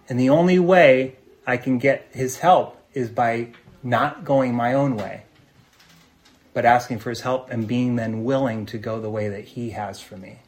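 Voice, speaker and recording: A man preaching a sermon in an earnest, conversational way, often asking his listeners rhetorical questions. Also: medium pitch. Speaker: pastor.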